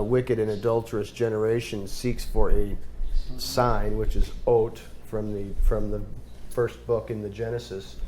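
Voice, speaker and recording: A man's voice: mid-range voice, warm tone, slight background noise. A man leading a group Bible study discussion, talking in a thoughtful, conversational way with fillers and restarts.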